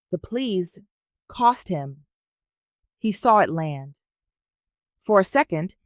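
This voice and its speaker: A woman narrating a romance story in a measured, even reading. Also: mid-range voice, no echo, clean studio sound.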